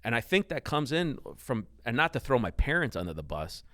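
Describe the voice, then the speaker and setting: A man with a medium-pitched, fairly bright voice talks a little fast, his pitch swinging widely. He's a company founder appearing as a guest on a podcast, driving through his story emphatically and swearing freely in a casual interview. The recording is dry, with clean studio sound.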